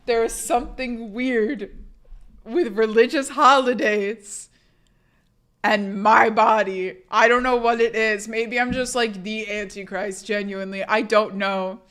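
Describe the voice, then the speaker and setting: Hoarse sick young woman streamer. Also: fairly high pitch, steady tone, a little slow. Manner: candid, profane, rambling; bursts loud greeting raiders. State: sick, laryngitis. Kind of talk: casual live-stream chat.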